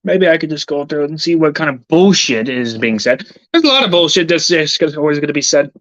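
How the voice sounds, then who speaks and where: A man's voice: on the high side, lively intonation, fairly quick, fairly bright tone, no echo. Male streamer, rambling and profane, irritable mutter, dull lo-fi sound, dry with no room. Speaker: livestreamer. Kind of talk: rambling casual stream talk.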